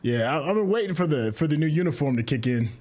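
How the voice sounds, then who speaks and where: A man co-hosting a reaction video, making slow, amused remarks in casual chat. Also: fairly high pitch, lively intonation, darkish tone, a little hiss or hum.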